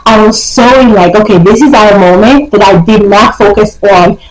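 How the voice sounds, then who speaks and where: A woman's voice: medium pitch, normal speed, roomy sound, rough recording. A young woman talking to camera in a casual, emphatic way, giving life advice and often checking in with "okay?". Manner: emphatic, repeats points, coaxing "okay?". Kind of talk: casual motivational talk to camera.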